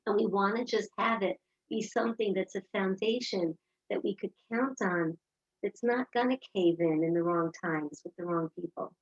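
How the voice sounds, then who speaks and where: A woman's voice: medium pitch, moderate pace. A woman giving an inspirational talk, telling personal stories and acting out the dialogue in them. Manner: animated storyteller acting out dialogue. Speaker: speaker giving a Torah talk. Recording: dull lo-fi recording.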